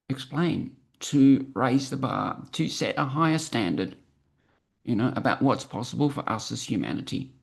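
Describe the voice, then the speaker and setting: A woman in her sixties talks as an interview guest with a gravelly texture in her voice. Her intonation rises and falls expressively. She speaks earnestly and at a measured pace, often pausing on small fillers. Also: very deep voice, darkish tone. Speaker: podcast guest. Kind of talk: reflective interview talk.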